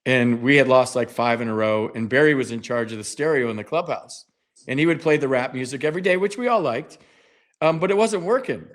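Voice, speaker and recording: A man in his fifties hosting a casual sports podcast, an animated storyteller who acts out the people he quotes. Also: medium pitch, brisk. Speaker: podcast host, former player.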